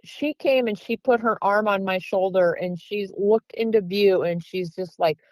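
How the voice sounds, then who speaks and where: A woman's voice: medium pitch, moderate pace, a little mellow, no echo, low-quality recording. A woman guest earnestly telling a long encounter story, acting out the quoted voices of the people in it. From Pennsylvania. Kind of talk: recounting an encounter.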